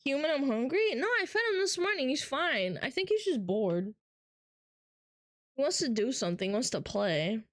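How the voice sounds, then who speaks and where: A woman's voice: fairly high pitch, sing-song, moderate pace, no room sound, clean studio sound. A woman streamer chatting casually and reading out live comments, playful and teasing with frequent giggles, talking from her home setup.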